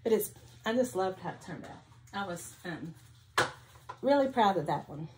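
A woman's voice: lowish voice, expressive, moderate pace, background noise. Woman, casual home vlog, chatty, rambling, filler-heavy. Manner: chatty, rambling, many ums and restarts. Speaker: cross-stitch vlogger. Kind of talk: casual show-and-tell chat.

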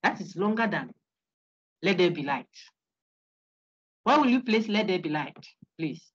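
A woman's voice: on the low side, measured pace, slightly rough, no room sound, highs cut off. A woman lecturer, giving an interactive online lecture, laughing often and quizzing her students. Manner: animated, laughs often, asks students questions. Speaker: university lecturer.

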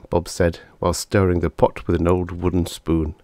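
A man's voice: sits low, little pitch movement, moderate pace, few pauses, warm tone, no room sound. A man reading vintage science fiction aloud as scripted audiobook narration, with a dry storytelling delivery. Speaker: audiobook reader.

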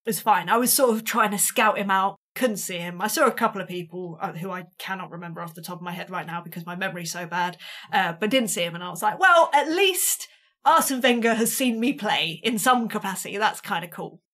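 A woman's voice: fairly low pitch, steady tone, quick pace, fairly bright tone. A British woman, a touring drummer, telling a story in a casual and self-deprecating way, acting out the quotes with energy. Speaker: podcast guest, touring drummer.

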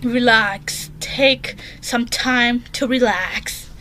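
A woman talks through a horror game from her bedroom, reading each question out loud and answering in a chatty, jumpy way. Her voice sits a little high and sounds bright and forceful. She speaks slowly, with faint noise from the house behind her. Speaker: gaming channel host. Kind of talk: casual horror game commentary.

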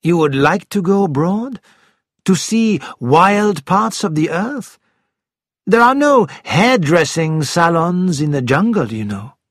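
A charming young French archaeologist, formal and teasing in his manners, as a man reads him aloud. His voice sits fairly high and moves slowly and carefully, with no room sound around it. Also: expressive, no room sound, studio quality, heavily acted. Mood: polite teasing.

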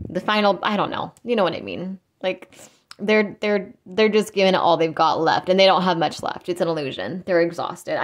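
A woman tarot reader channeling in a casual, rambling way, blunt and given to swearing. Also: medium pitch. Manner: rambling, blunt, swears, mocks in quoted voices. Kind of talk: casual spiritual channeling talk.

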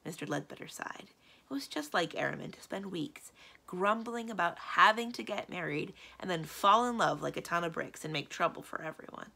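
A woman librarian reads a children's storybook aloud, her pitch low but rising and falling widely. Her tone is bright and forceful with a gravelly fry in it. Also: moderate pace. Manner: expressive, storytelling. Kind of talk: children's read-aloud narration.

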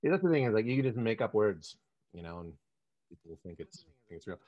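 A man's voice: fairly low pitch, very animated, fast talker, dull audio. A man co-hosting a casual whisky tasting chat. He rambles and uses a lot of fillers.

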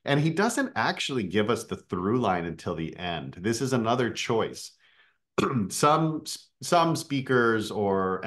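Low-voiced guy coaching speakers on a video call, easygoing, lots of ums. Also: fairly bright tone. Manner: casual and explanatory, with filler words. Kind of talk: online coaching session.

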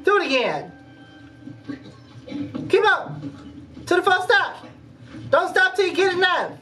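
A woman hosting a movie reaction, talking back at the screen in a loud, profane, casual way over a playing film. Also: very high-pitched, sing-song, unhurried, faint music behind, rough recording. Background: film soundtrack playing.

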